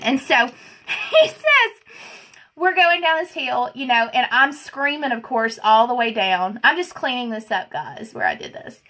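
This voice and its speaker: Chatty high-voiced woman. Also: pushed and bright. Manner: chatty, greets viewers by name, giggly. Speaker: livestream host. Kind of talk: casual live chat while doing makeup.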